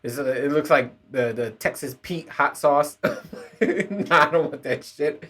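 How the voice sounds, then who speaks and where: A man's voice: a little high, measured pace, a bit bright. A man hosting his own podcast, ranting casually with a lot of swearing and rambling asides. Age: adult parent. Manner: profane, rambling, frequent laughs. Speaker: podcast host. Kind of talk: casual solo podcast rant.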